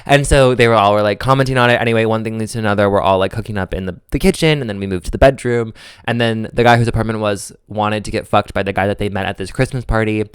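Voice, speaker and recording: A young man co-hosts a podcast and tells a story in a campy, animated way, slipping into quoted voices as he goes. His voice sits fairly low and sounds smooth and clear. It is recorded on a dry, close mic. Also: fast talker, dry recording. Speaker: podcast co-host. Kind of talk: casual chat, storytelling.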